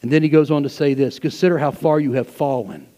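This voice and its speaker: A man preaching a sermon to his church, swinging between loud, fervent passages and hushed asides. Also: a little high, steady tone, fast, long reverb tail. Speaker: pastor. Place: church sanctuary.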